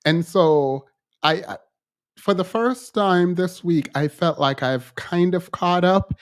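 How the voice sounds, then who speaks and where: A man's voice: high-pitched, slow. A man hosting a casual live-stream commentary, telling stories with animation and mimicking others in a raised voice. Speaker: channel host.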